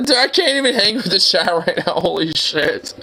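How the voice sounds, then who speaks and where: A livestreamer chatting casually on a live reaction stream, voice turning hoarse and raspy, excitable and swearing, squealing high when gushing. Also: normal speed, slight background noise, low-quality recording.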